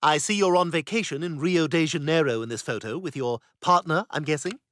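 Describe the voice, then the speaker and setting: A man's voice: fairly high pitch, fairly quick, a bit bright, lightly acted. An actor voicing a snobbish, catty toddler boy who talks in a pompous, sarcastic way. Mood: smug.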